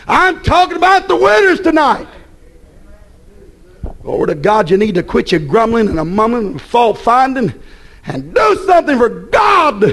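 A man preaching a fiery evening church sermon in a chanted, repetitive way with sudden shouted peaks. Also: sits high.

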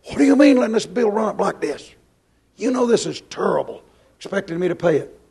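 A man's voice: high voice, very animated, fairly quick, creaky, a little mellow, husky, voice pushed up, full character voice. A man voicing an indignant male debtor who acts insulted when asked to pay. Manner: huffy, affronted.

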